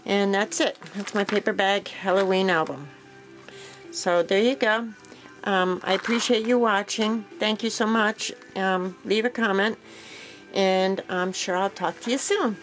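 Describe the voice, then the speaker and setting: A woman casually walking viewers through a craft project, relaxed and rambling, with frequent fillers and self-corrections. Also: medium pitch, a little slow, faint music behind, rough recording. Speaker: crafting vlogger. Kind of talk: casual show-and-tell walkthrough.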